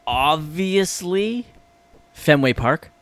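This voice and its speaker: A man co-hosting a podcast in casual chat, enthusiastic, swearing freely and trailing off as he gets excited. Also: on the high side, extremely slow. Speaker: podcast co-host.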